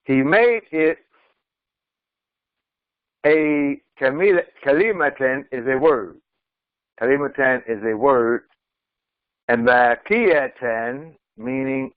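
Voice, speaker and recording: A man, an imam, giving a slow commentary on scripture, reciting verses and then translating them phrase by phrase. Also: mid-range voice, no echo, phone-quality sound. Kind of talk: Quran commentary lesson.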